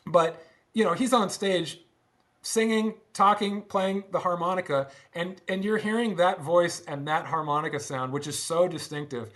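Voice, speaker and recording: A middle-aged man speaking as an interview guest, telling stories in a casual, animated way, laughing often and restarting his sentences. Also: high voice, normal speed. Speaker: guest, former band drummer. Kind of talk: casual conversational storytelling.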